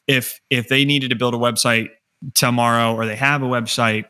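A man's voice: medium pitch, steady tone, brisk, sharp tone. A man hosting a casual podcast, chatty and joking, with lots of fillers and restarts. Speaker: podcast host.

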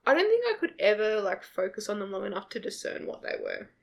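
A woman co-hosting a podcast in casual chat, an animated storyteller who laughs often. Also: mid-range voice, fast talker, gravelly. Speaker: podcast co-host.

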